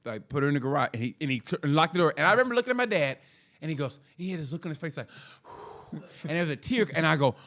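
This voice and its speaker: A man co-hosting a casual podcast, telling stories in an animated way, acting out quotes and swearing freely. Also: a little high, fast. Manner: animated, acts out quotes, profane. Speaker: podcast co-host. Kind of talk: casual storytelling chat.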